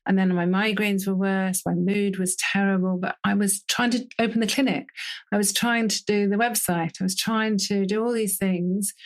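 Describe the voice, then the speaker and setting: A woman's voice: medium pitch, moderate pace. British woman, 50s, candid, chatty guest who laughs easily. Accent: British English. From Britain. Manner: lively, laughs often, tells stories with quoted speech. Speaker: doctor being interviewed. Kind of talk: candid conversational storytelling.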